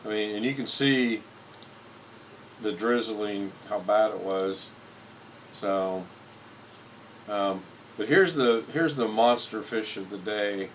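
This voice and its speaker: A man's voice: on the low side, slight background noise, rough recording. Rambling man on a live stream. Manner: rambling, repeats words while browsing photos. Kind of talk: casual live-stream chat.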